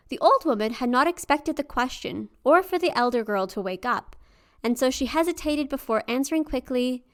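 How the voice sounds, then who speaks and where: A woman co-host with a fairly high voice reads a folktale aloud in an even storytelling tone. Between passages she slips into relaxed, lively chat and laughs easily. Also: a little fast. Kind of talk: story reading and casual chat.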